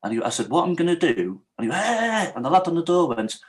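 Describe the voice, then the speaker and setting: A man's voice: on the high side, fast, poor audio. Man telling a story animatedly. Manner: animated storyteller, acts out quoted dialogue. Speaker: podcast guest. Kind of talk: storytelling in casual interview.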